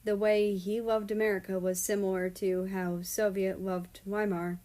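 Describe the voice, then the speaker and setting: A woman reading a story aloud in a calm, steady narration. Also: medium pitch, normal speed. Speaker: story reader. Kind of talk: reading fan fiction aloud.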